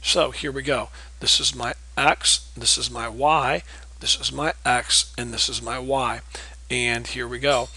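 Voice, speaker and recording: Male teacher, bright edgy tone, a bit husky; patient, repeats key points with frequent "okay?" checks. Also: medium pitch, steady tone, a little slow, dry recording, rough recording. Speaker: math teacher. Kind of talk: recorded geometry lesson.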